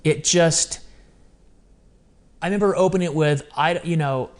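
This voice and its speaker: A man in his fifties, a podcast guest, telling a personal story in a lively, emotional way with quick asides. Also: fairly high pitch. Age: 50s. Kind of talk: conversational storytelling.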